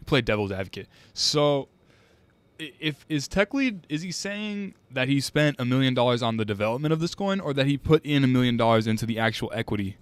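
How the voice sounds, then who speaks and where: A man's voice: medium pitch, lively intonation, brisk, smooth, no room sound. A young man live-streaming, rambling casually with lots of filler words and restarts.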